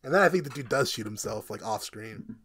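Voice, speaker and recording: A young man co-hosting a casual podcast, retelling scenes in an animated, laughing, profane way. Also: on the low side, fairly quick, husky, no echo. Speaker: podcast co-host. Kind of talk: casual review chat.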